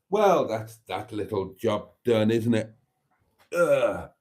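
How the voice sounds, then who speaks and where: A man's voice: fairly low pitch, big pitch swings, very slow, heavy background noise. A man hosting a casual livestream, chatting and reading out viewers' comments in a chatty, theatrical way that calls them darlings. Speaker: livestream host.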